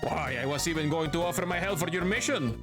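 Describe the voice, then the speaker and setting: A smug skunk gang leader taunts with false politeness, as a man reads him. The voice sits a little high, with game music clear behind. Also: fast talker, lightly acted. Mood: mocking. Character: sly, smug male skunk bully leader.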